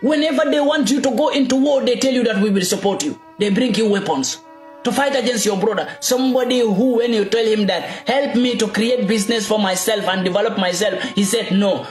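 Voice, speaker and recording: A man delivers a fiery political speech, driving his points home with repeated rhetorical questions. His voice sits high and rings in an echoey room. Faint music plays underneath. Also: fairly quick. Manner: repetitive rhetorical questions, emphatic.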